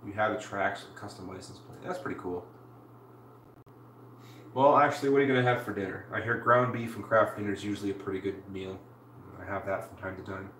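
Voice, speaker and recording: A woman's voice: extremely low pitch, steady tone, a little fast, fairly bright tone. A woman from Canada live-streaming from home, chatting casually with viewers as she builds. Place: home room. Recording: roomy, distant mic with faint hiss.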